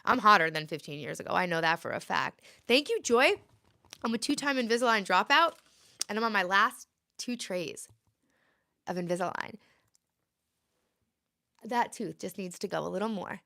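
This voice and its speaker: A woman's voice: medium pitch, expressive, normal speed, vocal fry, pauses often, sharp tone, no room sound, studio quality. A woman in her late thirties, chatting casually on a live stream, rambling and answering viewer comments aloud. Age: 30s. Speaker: livestream host.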